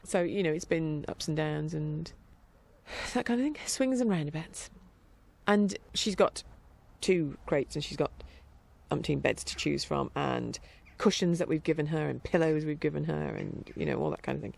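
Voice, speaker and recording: Gravelly-voiced woman chatting. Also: deep voice, normal speed, a little mellow. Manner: rambling, chatty, with frequent laughs and filler. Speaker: vlogger. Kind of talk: casual chat.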